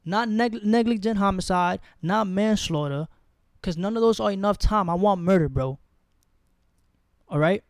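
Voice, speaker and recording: A man's voice: high-pitched, moderate pace, dry recording, clean studio sound. A young man, co-hosting a casual podcast chat and talking in a blunt, heated, slangy way. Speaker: podcast co-host.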